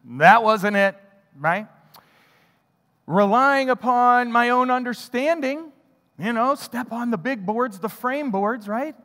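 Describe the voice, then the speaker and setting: A man preaching a sermon, telling a childhood story with animated delivery and acting out his own thoughts. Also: very high voice, slow pace, in a large hall. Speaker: pastor. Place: church sanctuary.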